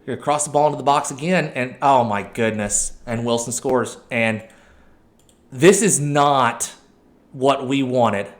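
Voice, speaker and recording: A man hosting a let's-play, commentating a match with excitable outbursts, shouting at his players and correcting himself. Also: mid-range voice, moderate pace, few pauses. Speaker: video game channel host.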